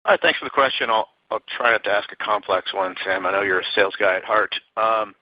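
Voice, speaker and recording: Low-voiced analyst man on a dull dry line. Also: dry recording. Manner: polite, halting, repeats words. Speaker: financial analyst. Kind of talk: asking a question on an earnings call.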